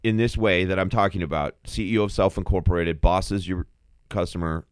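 A man's voice: low-pitched, fairly even intonation, a little fast, clean tone, dry recording, clean studio sound. A middle-aged man co-hosting a casual discussion podcast, speaking in an earnest, persuasive way. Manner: earnest, persuasive, building arguments. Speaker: podcast co-host.

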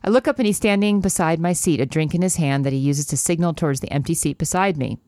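A woman's voice: fast, a little mellow, no echo, studio quality. A woman co-hosting a podcast, reading a romance novel aloud in a mock-dramatic voice between giggles and chat. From United States. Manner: giggly, reads in a low mock-dramatic voice and attempts a bad British accent.

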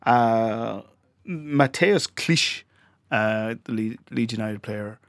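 A man's voice: lowish voice, very slow, clear, resonant tone, no echo, studio quality. A man from Ireland hosting a chat show, telling a story in a rambling, laughing way with lots of filler sounds. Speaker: podcast host. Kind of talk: casual chat.

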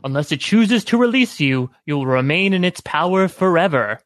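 A man reading the part of a grave old temple monk, speaking slowly and solemnly. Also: fairly high pitch, animated, fairly bright tone, no room sound, clean studio sound. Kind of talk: reading a story aloud with friends.

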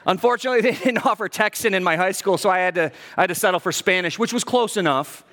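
High-voiced preaching man in a reverberant hall. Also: quick pace, few pauses, pushed and bright. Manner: emphatic preaching with humor, rhetorical questions to the congregation. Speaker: pastor. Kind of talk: sermon. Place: church sanctuary.

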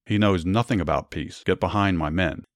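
A man's voice: low voice, normal speed, no room sound, clean studio sound, close to an everyday voice. A man reading as a blunt, ruthless army commander. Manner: blunt, dismissive.

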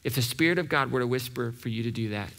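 A male pastor delivers a relaxed, conversational sermon. His voice carries a rough, gravelly texture. It sounds bright and pushed forward as he repeats phrases for emphasis. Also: medium pitch, fast talker.

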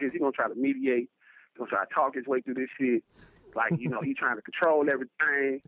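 A man's voice: fairly high pitch, dry recording, muffled recording. A man calling into a podcast, chatting animatedly and acting out quotes. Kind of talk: casual chat.

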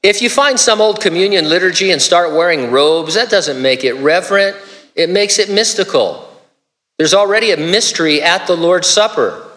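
Relaxed male preacher in a reverberant hall. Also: high-pitched, moderate pace. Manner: relaxed, with joking asides and restarts. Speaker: pastor. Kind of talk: conversational sermon.

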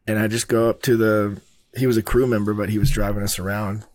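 A man's voice: on the low side, level tone, quick pace, a little mellow, no echo. A man, a filmmaker, telling a long behind-the-scenes story in a casual, rambling way, full of fillers and swearing. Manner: rambling, laid-back, heavy on fillers and swearing.

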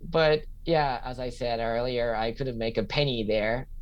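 A man's voice: mid-range voice, measured pace, highs cut off. A man in his twenties from Japan, a comedian being interviewed, speaking modestly and laughing often. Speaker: comedian guest. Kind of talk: casual interview.

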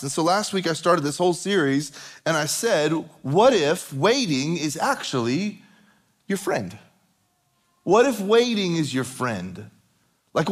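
A man preaching a sermon as a pastor, conversational and repeating phrases for emphasis. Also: sits high.

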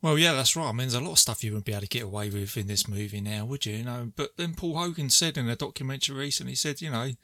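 A man's voice: medium pitch, very fast, hardly any pauses, pushed and bright, no echo. A man co-hosting a casual movie podcast, retelling scenes with quoted lines and frequent laughs. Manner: chatty storyteller, quoting lines and laughing. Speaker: podcast co-host. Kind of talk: casual movie recap chat.

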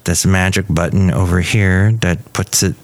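Man, podcast host, casual rambling talk, wry humor, lowish voice. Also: steady tone, normal speed, no room sound. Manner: chatty, wry, self-mocking.

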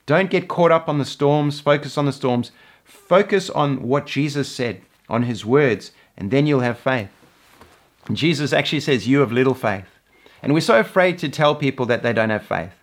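A man's voice: mid-range voice, lively intonation, normal speed. A man teaching from the Bible in an earnest sermon, often repeating words as he presses a point. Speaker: preacher.

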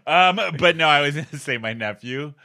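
A man co-hosting a podcast, telling family stories in casual chat and mimicking relatives in high squeaky voices. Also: lively intonation, fairly quick, sharp tone. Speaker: podcast co-host.

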